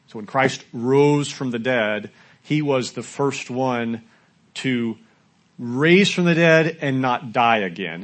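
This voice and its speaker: A man preaching a sermon in a conversational way, asking the congregation questions and at times rising to loud, shouted quotes. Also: mid-range voice. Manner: rises to loud shouting when acting out quotes. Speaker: pastor.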